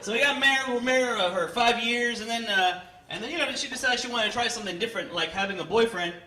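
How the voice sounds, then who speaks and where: A man in his thirties performing stand-up, animated, landing loud punchlines and tossing in Spanish words. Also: very high-pitched, quick pace. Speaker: stand-up comedian. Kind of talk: stand-up comedy set. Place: comedy club stage with live audience. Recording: echoey club with audience noise.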